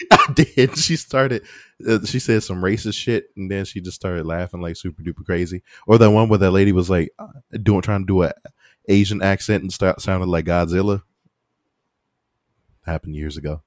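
A man's voice: sits low, normal speed, no echo, clean studio sound. A man co-hosting a podcast in casual, rambling chat, laughing often. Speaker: podcast co-host.

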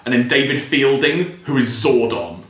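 This animated man tells stories in casual chat, acting out quotes and laughing often. His voice is mid-range and moves at a normal speed. There's a roomy echo on the recording.

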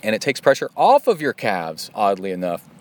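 A man's voice: fairly low pitch, huge pitch swings, normal speed. A middle-aged man hosting a podcast, talking in a chatty, self-deprecating way that wanders off into side stories. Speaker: podcast host. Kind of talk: casual rambling podcast monologue.

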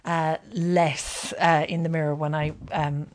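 A woman's voice: low-pitched, little pitch movement, measured pace. A woman in her forties, a clinic client, answers interview questions hesitantly with frequent ums. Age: 40s.

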